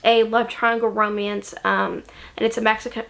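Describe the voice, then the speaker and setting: A woman's voice: fairly high pitch, flat delivery, moderate pace, creaky, fairly bright tone. A young woman chatting casually about books she loves, gushing, with lots of ums and likes. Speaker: book vlogger. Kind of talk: casual chat.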